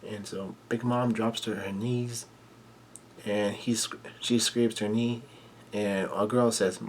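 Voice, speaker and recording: A man casually recapping a manga chapter, halting often with fillers and restarts, and blunt enough to swear when something surprises him. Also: fairly low pitch, little pitch movement, a little hiss or hum.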